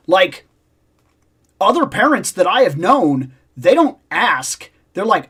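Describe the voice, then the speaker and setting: Middle-aged male host, animated storyteller, pitch swings wide, casual nostalgic chat. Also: unhurried, slightly rough. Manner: animated storyteller, swings between loud exclamations and low asides.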